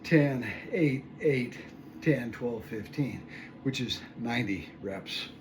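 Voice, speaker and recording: Recorded from afar on a phone camera, this sixty-something fitness vlogger has a mid-range voice and slow delivery. Breathless, he counts his reps aloud and groans and mutters between sets, with room echo and background noise around him.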